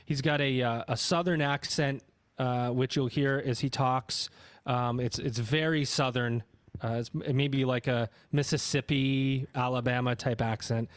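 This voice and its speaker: A man's voice: mid-range voice, fairly even intonation, unhurried, dry recording. A man hosting an education podcast in a casual, rambling way, often correcting himself mid-sentence. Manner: rambling, self-correcting, chatty. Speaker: podcast host. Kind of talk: casual podcast intro and interview.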